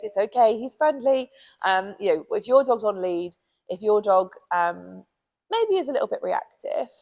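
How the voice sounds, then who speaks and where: A British woman with a gravelly, fry-edged voice chatting casually as a dog trainer. She talks in a loose, friendly way, filling gaps with ums and you knows. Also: medium pitch, a little mellow, low-quality recording. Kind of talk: casual advice talk.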